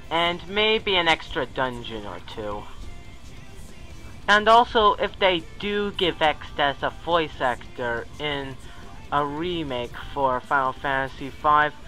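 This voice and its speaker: A man's voice: fairly high pitch, lively intonation, a little slow, bright, forceful tone, faint music behind, rough recording. A young man giving a casual countdown commentary in a chatty, rambling way, often correcting himself. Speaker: video commentator.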